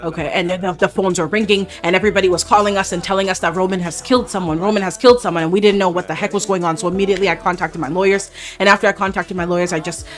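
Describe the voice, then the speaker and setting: Girl doing an angry older grandpa, sarcastic and loud, soft music behind. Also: on the low side, fairly quick, lightly acted. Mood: aggrieved. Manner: sarcastic, shouting in outrage. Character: indignant wealthy older father, a grandfather. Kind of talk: voicing game characters in a let's play.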